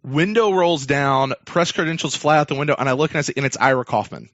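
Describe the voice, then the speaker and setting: A man's voice: on the high side, fast, fairly bright tone, no room sound. A man hosting a sports podcast, telling a long story in a rambling casual way, full of fillers and restarts. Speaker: podcast host. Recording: dull lo-fi dry sound.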